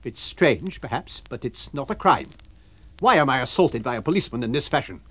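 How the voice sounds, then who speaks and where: Guy doing a huffy invisible gent, clipped and indignant, a bit husky, lively pitch. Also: fairly quick. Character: irritable invisible stranger, male. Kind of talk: radio book reading.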